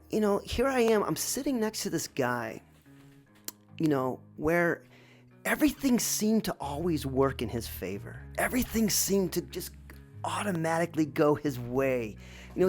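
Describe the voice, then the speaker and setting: A woman telling a personal story in a reflective, rambling way, with many restarts. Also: lowish voice.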